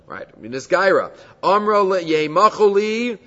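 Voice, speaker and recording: Male Talmud teacher, slightly higher voice, explanatory lecture style mixing Hebrew terms into English, dull lo-fi recording. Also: sing-song, normal speed, fairly bright tone. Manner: explains texts, frequent rhetorical "right?". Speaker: Torah teacher. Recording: dull lo-fi sound with long hall reverb.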